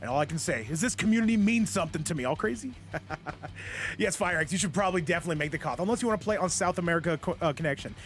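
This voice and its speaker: A man's voice: on the high side, expressive, racing, faint music behind. A man hosting and commentating a fighting game stream in a casual, joking, rambling way, talking straight to his chat.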